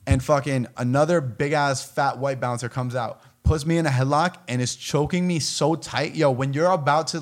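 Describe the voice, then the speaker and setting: A young man telling a story in casual podcast chat, animated and profane, with lots of "yo" and "like". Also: medium pitch. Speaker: podcast co-host.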